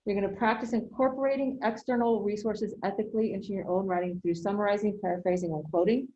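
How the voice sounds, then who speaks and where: A woman instructor lecturing her writing class over a video call, her voice mellow and warm. She talks in a loose, conversational way and keeps checking that her students follow along. A faint hiss sits under the sound. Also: mid-range voice, fairly even intonation, fast, dull audio. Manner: conversational, checks in with frequent "okay?".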